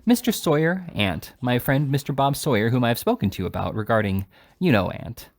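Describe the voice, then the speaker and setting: A man's voice: medium pitch, lively intonation, brisk, dry recording, studio quality, close to an everyday voice. A man voicing a slightly drunk, eager young nephew who gushes over his aunt. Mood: gushing. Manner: gushing, a bit slurred.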